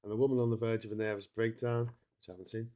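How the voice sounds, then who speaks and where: A man's voice: fairly low pitch, flat delivery, fast, dark tone. A middle-aged man hosting a long solo livestream, tired and chatting in a rambling, self-interrupting way. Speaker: livestream host. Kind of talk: casual livestream chat. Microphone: streaming setup mic.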